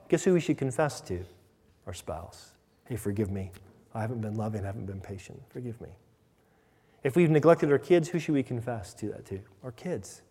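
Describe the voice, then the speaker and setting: A man preaching a sermon as pastor, earnest, dropping to a quiet hush on key points. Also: sits high. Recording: long hall reverb.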